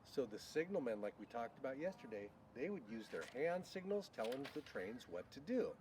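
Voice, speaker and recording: A man leading a children's Bible school, teaching a game slowly and leading shouted call-and-response lines. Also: mid-range voice. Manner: slow, animated, leads shouted call-and-response. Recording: distant mic with faint noise.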